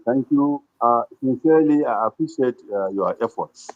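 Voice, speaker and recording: A man's voice: mid-range voice, moderate pace, no echo. Hesitant man on a dull phone line. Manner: hesitant, full of uh, calm. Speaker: caller. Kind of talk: measured call-in comment.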